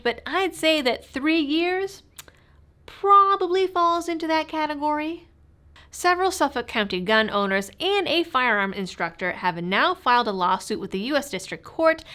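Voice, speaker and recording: Bright-voiced woman, sarcastic commentary. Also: on the high side. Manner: sarcastic, mocking. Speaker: political commentary host. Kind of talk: scripted commentary to camera.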